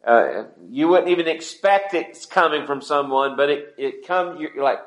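A man's voice: mid-range voice, normal speed, a little hiss or hum. A man preaching a sermon in a conversational way, asking the congregation questions as he goes. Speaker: pastor. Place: church sanctuary. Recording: echoey church hall.

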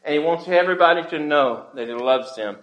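A man's voice: a little high, fairly quick, reverberant, highs cut off. A pastor preaching an earnest, pleading sermon to his church. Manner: earnest, pleading preaching with wide swings in loudness.

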